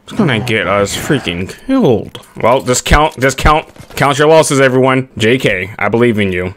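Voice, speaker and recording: A man trolling players over game voice chat on a headset, mock-serious and theatrical, often breaking into loud shouts. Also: mid-range voice, expressive, normal speed, hardly any pauses, a little hiss or hum.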